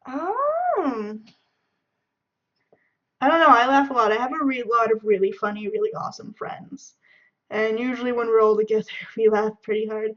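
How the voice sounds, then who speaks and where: A young vlogger from the San Francisco Bay Area, California, answers questions in a casual video, chatty and giggly and acting out her friends' shouting. Her voice is on the high side, fast, and fairly even in intonation, with dull lo-fi sound.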